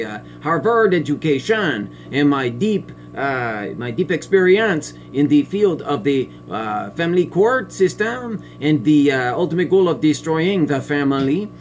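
Man putting on a smug woman judge, pompous, condescending, slightly high voice, satirical sketch. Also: slight background noise. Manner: pompous, condescending, drawn-out sneering pauses. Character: smug biased female family court judge. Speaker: comedic sketch performer.

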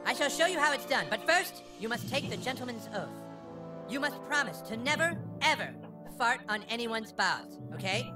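A man's voice: very high voice, lively intonation, normal speed. A man voicing a bossy, pompous boy who plays a grand wizard, with a crude and commanding manner, in video game voice acting. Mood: instructing. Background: game music.

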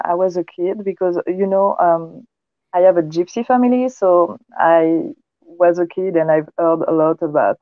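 A woman's voice: lowish voice, no room sound. Woman, French accent, interview guest, hesitant, dry tinny call audio. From France. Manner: hesitant, many fillers. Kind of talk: casual interview.

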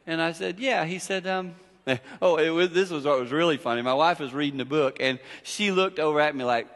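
A middle-aged man preaching a storytelling sermon in a church, animated and acting out family dialogue. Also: fairly high pitch, a little fast. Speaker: guest preacher. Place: church sanctuary. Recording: long echo of a church hall.

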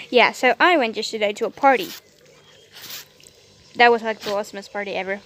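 A woman's voice: fairly high pitch, normal speed, fairly bright tone, slight background noise. A woman from Africa, vlogging in a casual, rambling way outdoors in a garden and cooing at her dogs. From South Africa. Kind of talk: casual vlog chat.

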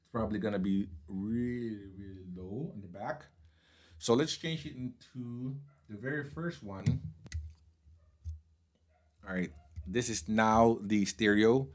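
A man's voice: on the low side, unhurried, pauses often. A man casually reviewing microphones at his desk, chatty and mixing in phrases as he talks at varying distances from the mics. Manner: chatty, code-switching between English and Filipino phrases. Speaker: tech reviewer. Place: home desk setup. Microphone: condenser mics on desk at varying distance.

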